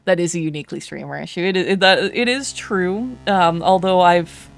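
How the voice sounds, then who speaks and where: A woman's voice: on the low side, moderate pace, gravelly. A woman game streamer chatting casually in a rambling, self-correcting way. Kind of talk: casual gameplay commentary.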